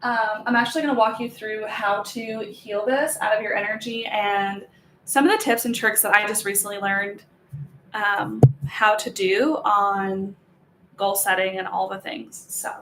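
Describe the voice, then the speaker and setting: A woman's voice: medium pitch, fairly even intonation, unhurried, noisy background. A young woman hosting a casual spiritual vlog as an energy healer, chatty and giggly, full of fillers as she guides a healing practice. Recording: echoey room.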